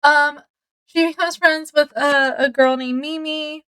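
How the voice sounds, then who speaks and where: High-voiced woman chatting about a book. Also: fairly even intonation, measured pace, bright, forceful tone, low-quality recording. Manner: chatty, laughs often while retelling. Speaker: book reviewer. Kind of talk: casual chat.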